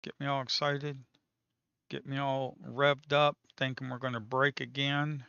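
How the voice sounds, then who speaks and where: A man's voice: medium pitch, flat delivery, unhurried, gravelly, bright, forceful tone, smooth, no room sound, dull audio. A man commenting casually on live trading, talking to viewers as folks, swearing and teasing the market. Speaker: day trader streaming live.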